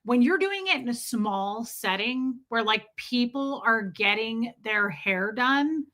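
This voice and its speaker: A woman in her forties chats on her live stream in an animated, exasperated way. Her voice sits a bit high and sounds bright and forceful. She tells stories casually and keeps greeting her viewers.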